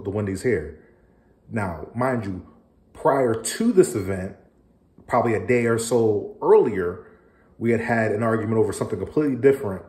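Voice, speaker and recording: A man's voice: on the low side, darkish tone, echoey room. A man coaching on relationships, talking earnestly to a phone camera in a casual monologue, often repeating his words as he goes. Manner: earnest, repeats words, acts out quarrels in raised voice.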